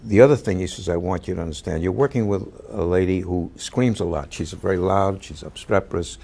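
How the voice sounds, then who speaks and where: Gravelly older man spinning an anecdote. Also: low-pitched, slight background noise. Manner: halting, many fillers and restarts; acts out quoted lines with sudden shouts. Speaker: actor recalling a past role. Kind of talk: anecdotal storytelling.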